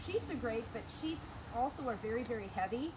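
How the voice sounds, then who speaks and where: A woman's voice: fairly high pitch, animated, a little fast. A woman co-hosting a gardening show, talking casually and with enthusiasm. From Minnesota. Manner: enthusiastic, playful. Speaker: co-host, master gardener. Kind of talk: casual educational chat. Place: outdoor garden. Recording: outdoor recording with background noise.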